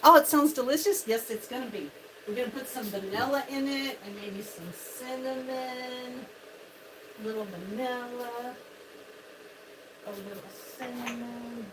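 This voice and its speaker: A woman's voice: on the high side, a little slow, noisy background. An older woman hosting a casual live-stream cooking chat from her home kitchen, chatty and bubbly, greeting viewers by name. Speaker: livestream host.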